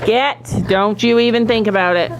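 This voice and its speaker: A woman's voice: fairly high pitch, normal speed, over music, poor audio. A woman vlogging on her farm, chatting to viewers and coaxing her goats as she tends them. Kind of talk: casual vlog talk to camera. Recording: outdoor farm noise. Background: goats bleating.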